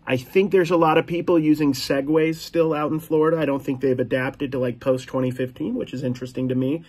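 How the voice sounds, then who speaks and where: A man hosting a podcast who gives casual, joking shoutouts and rambles as he cheers his listeners on. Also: a little high, steady tone, a little fast, breathy edge. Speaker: podcast host.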